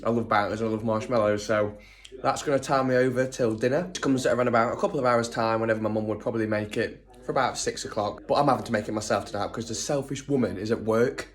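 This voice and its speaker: A man's voice: on the low side, fast talker. Chatty young man. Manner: enthusiastic and chatty, lots of exclamations. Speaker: vlogger. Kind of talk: casual food vlog.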